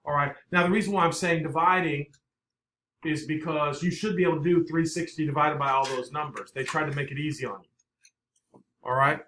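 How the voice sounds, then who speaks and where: A man teaching a math class, brisk and coaxing, often checking in with the students. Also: fairly high pitch, steady tone, pushed and bright. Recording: echoey classroom, faint noise.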